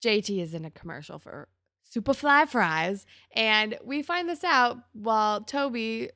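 A woman's voice: a little high, lively intonation, unhurried, pushed and bright, no echo, clean studio sound. A woman hosting a podcast, chatting and gossiping as she recaps a TV episode. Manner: chatty, gossipy, acts out characters' lines. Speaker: podcast host. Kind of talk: casual chat recapping a TV episode.

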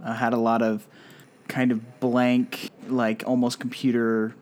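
A man with a middle-pitched voice chats casually as a co-host. He is laid-back and agrees often as his partner talks. His delivery stays easy and conversational. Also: completely flat delivery, unhurried, darkish tone. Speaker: podcast co-host. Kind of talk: casual chat about video games.

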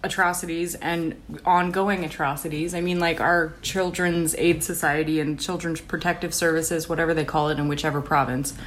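A woman's voice: sits low, steady tone, moderate pace, few pauses, slight background noise. A Canadian woman co-hosting a casual chat, blunt and enthusiastic, swearing freely. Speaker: podcast co-host.

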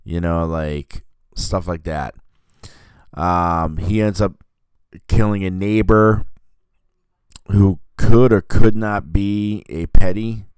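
Deep-voiced man rambling about a film. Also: a little mellow, smooth, no echo. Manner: rambling, full of fillers and self-corrections. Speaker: podcast host reviewing a film. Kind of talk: casual film review chat.

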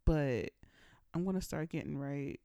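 Woman podcast host, gravelly but smooth voice, playful chatty vibe, talks to y'all. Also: low voice, a little slow, warm tone, dry recording, studio quality. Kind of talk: casual chat. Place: indoors, at home.

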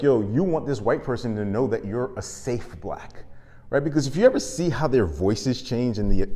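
A man hosting his own show, delivering a comic, impassioned rant full of profanity that swings from loud to muttered. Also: on the low side, long reverb tail. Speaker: show host. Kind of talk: comedic monologue rant.

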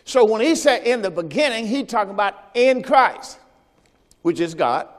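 Lively high-pitched preaching man, hall reverb. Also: moderate pace. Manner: call-and-response preaching, has the congregation repeat phrases. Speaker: pastor. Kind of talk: sermon. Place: church service.

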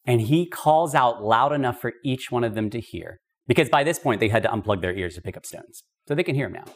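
A man's voice: medium pitch, animated, a little fast. A man teaching a podcast Bible study in an emphatic, conversational way, with casual asides. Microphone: podcast microphone.

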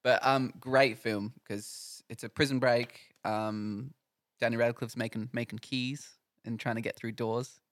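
A man's voice: medium pitch, fairly even intonation, a little slow, no echo. Rambling man, dry sound. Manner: rambling, laughs often. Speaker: podcast co-host. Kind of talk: casual chat about movies.

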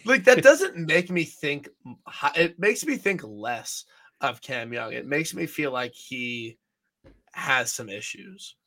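A man co-hosting a casual golf-betting podcast, talking excitably in quick bursts and swearing freely. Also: a little high. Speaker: podcast co-host. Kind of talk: casual sports-betting chat.

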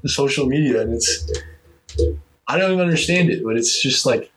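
A young man hosting a casual podcast chat, rambling and animated, often mimicking other people in high voices. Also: normal speed, slight background noise, low-quality recording. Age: young adult. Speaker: podcast host.

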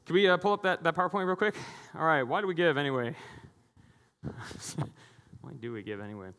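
A man's voice: on the high side, fairly quick, fairly bright tone, clean tone. A middle-aged man preaching a sermon as pastor, conversational and jokey, acting out the voices he quotes. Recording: long hall reverb.

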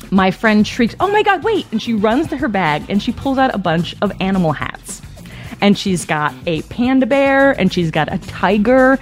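Animated woman telling a comic story. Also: medium pitch. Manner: animated, conversational, frequent "like" and "right?"; laughs between lines.

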